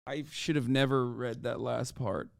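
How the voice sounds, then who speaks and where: A man's voice: medium pitch, fairly even intonation, measured pace, vocal fry, no echo, studio quality. A man streaming his reaction to a video, ranting heatedly and profanely, often mocking others in put-on voices. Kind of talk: heated livestream rant.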